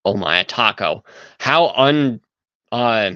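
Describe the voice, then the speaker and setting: A man's voice: mid-range voice, unhurried, a bit bright, clean tone, dry recording, muffled recording. A man hosting a livestream in casual chat, talking aloud as he sets things up. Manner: chatty, thinks aloud while setting up. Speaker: livestream host.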